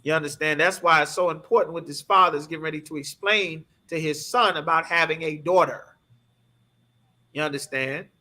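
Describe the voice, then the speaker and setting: A man's voice: a little high, a little fast, pushed and bright. Emphatic male scripture teacher. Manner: emphatic, keeps asking "you understand?". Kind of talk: preaching scripture lesson.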